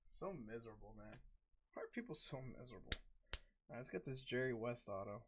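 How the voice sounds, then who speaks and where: Animated, foul-mouthed male card streamer. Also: medium pitch, a little fast, very noisy. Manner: profane, slangy, chatty banter. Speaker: live card-break streamer. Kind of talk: casual live-stream chat.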